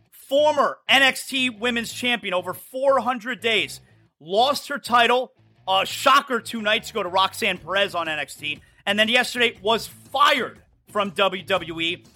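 A man hosting a solo sports talk show, rambling fast and opinionated about games and news. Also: high-pitched, bright, forceful tone.

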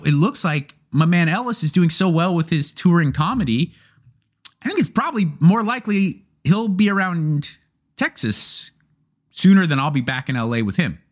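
A young man hosting a casual question-and-answer chat, candid and joking, swearing freely as he reads and answers viewer questions. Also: medium pitch. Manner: candid, profane, animated and joking.

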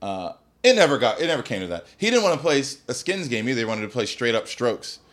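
A man in casual chat on a podcast, telling stories in a profane, animated way. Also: medium pitch, fast talker. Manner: profane, animated storytelling with laughter.

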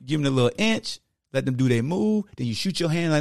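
A man hosting a podcast, breaking down football technique in a casual, animated, slangy coaching manner. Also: on the high side, fast talker, creaky, no echo, clean studio sound. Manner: slangy, conversational. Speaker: podcast host.

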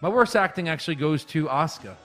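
Male sidekick co-host, animated casual chat, bright tone. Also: on the high side, quick pace, faint music behind. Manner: agreeable, animated, short reactions and goofy quotes. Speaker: podcast co-host. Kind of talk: casual wrestling recap chat.

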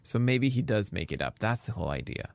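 A man's voice: on the low side, very animated, gravelly, dry recording. A man co-hosting a casual baseball podcast, rattling off stats and cracking jokes. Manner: stat-heavy, jokey, quick to laugh. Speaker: podcast co-host, pitcher analyst. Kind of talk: casual fantasy baseball chat.

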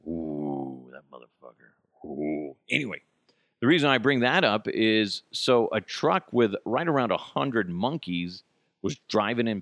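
A man's voice: fairly low pitch, fairly bright tone, no echo. Profane sarcastic man ranting on the news. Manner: tangents and laughter-breaks. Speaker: podcast host. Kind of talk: comedic news rant.

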